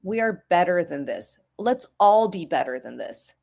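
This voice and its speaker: A woman's voice: on the low side, lively intonation, normal speed, creaky, darkish tone. A middle-aged woman co-hosting a political talk show, blunt and profane, hammering her points with repetition. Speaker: podcast co-host. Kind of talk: political commentary chat.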